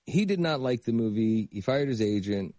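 A man, an actor being interviewed, telling behind-the-scenes stories in a casual, animated way with bursts of laughter. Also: lowish voice, normal speed, no room sound, studio quality. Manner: animated anecdotes with laughter and acted-out quotes. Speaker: actor guest.

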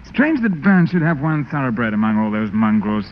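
A man's voice: medium pitch, sing-song, normal speed. Genteel British man on old radio. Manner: polite, genteel and dry. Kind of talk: 1940s radio comedy acting. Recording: hissy lo-fi old radio broadcast.

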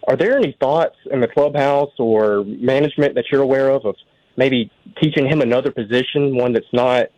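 A man calls in to a sports radio show. He talks in a rambling, hesitant way, his pitch sits in the middle range, and the recording is dry. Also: a little fast, a little mellow, no echo, dull audio. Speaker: caller. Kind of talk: call-in question to a radio show.

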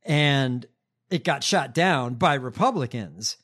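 A man with a mid-range voice hosting a casual podcast. He talks haltingly, stopping and restarting often as he explains a story. His delivery is relaxed and loose. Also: mid-range voice, husky. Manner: halting, many fillers and restarts. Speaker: podcast host. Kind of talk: casual political chat.

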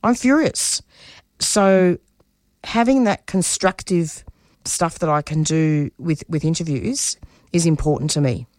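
Low, darkish, and unhurried, the voice belongs to a middle-aged Australian community radio producer giving a personal interview. She speaks passionately, starts over often, and rises in pitch when stirred, all captured as a dry, clean studio recording.

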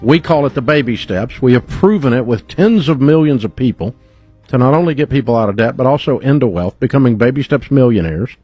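A man's voice: medium pitch, expressive, brisk, a little mellow, slightly rough, no room sound, faint music behind. A man hosting a radio advice show, speaking in a confident, emphatic and persuasive way. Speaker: radio host. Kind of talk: radio show host, reading an ad then taking calls. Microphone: studio microphone.

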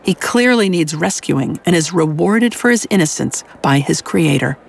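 A woman presenting a radio show in a measured, scripted way. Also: fairly low pitch, expressive, gravelly, slightly rough. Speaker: radio host.

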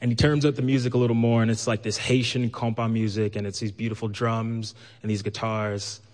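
A man from Brooklyn telling a personal story live, lively and acting out the voices he quotes. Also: fairly low pitch, brisk. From New York, Brooklyn. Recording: long hall reverb.

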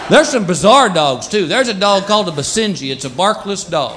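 A man's voice: high-pitched, sing-song, fairly quick, hardly any pauses. A male stand-up comedian performing a routine on a club stage, acting out his pets in silly voices. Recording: live club recording, crowd and noise.

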